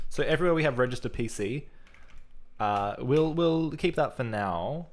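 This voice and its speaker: A man's voice: medium pitch, expressive, normal speed. A man talking casually through his code on a live stream, thinking aloud as he types. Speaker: programming livestreamer. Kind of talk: live coding commentary.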